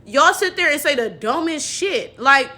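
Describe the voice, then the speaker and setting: High, bright-voiced sassy woman commentator. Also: unhurried. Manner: animated, sassy, laughing asides. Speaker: commentary video host. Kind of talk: reaction commentary.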